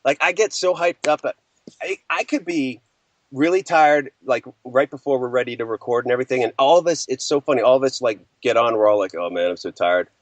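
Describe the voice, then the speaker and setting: A man guest chatting casually and excitably, laughing as he talks. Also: medium pitch, fairly quick, no room sound. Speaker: podcast guest. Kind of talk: casual chat.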